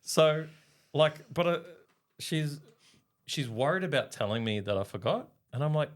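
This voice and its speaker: A man's voice: on the high side, expressive, measured pace, noisy background. A man co-hosting a podcast, talking earnestly and reflectively in casual chat. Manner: earnest, reflective, laughs easily. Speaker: podcast co-host.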